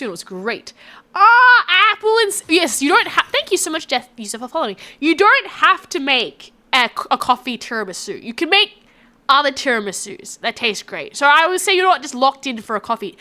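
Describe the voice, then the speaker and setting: Australian woman streamer, high voice, chatty and rambling while reading chat. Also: sharp tone. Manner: chatty, rambling, reacting to chat with frequent laughs. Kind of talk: casual live-stream chat with viewers.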